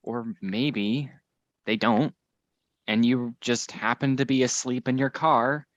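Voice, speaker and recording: A man playing a tabletop game, thinking out loud in a tentative, searching way. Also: mid-range voice, fairly even intonation, slow, dry recording, lo-fi sound. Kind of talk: casual chat at a game table.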